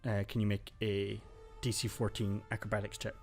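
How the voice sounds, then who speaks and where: A man narrating as game master of a tabletop game, describing the action in a calm, descriptive way. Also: fairly low pitch, moderate pace, gravelly, soft background music.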